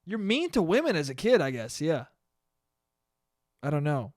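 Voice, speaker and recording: A man's voice: on the high side, very animated, normal speed, no room sound. Young guy rambling on his own podcast, swears a lot, voice jumps all over, dry close sound. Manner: rambling, profane, self-deprecating with bursts of laughter. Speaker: podcast host. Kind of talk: casual solo podcast monologue.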